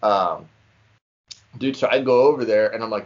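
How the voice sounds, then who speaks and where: On a podcast, a young American co-host spins a story for his friends in a lively, casual way, dropping "dude" again and again. He speaks at a moderate pace in a fairly low voice, and the audio has a slightly muffled, lo-fi quality.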